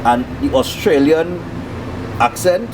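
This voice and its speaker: A man hosts a casual sports chat in a fairly high voice, pausing with fillers as he moves into each segment. Clear background noise runs behind him. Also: lively intonation. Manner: hesitant, full of fillers, leads the segments. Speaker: sports show host.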